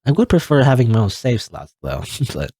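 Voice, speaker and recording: A young man casually rambling through a game, self-deprecating and quick to laugh. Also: mid-range voice, very animated, dark tone, husky, no room sound, clean studio sound. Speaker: let's play gamer. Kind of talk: casual gameplay commentary.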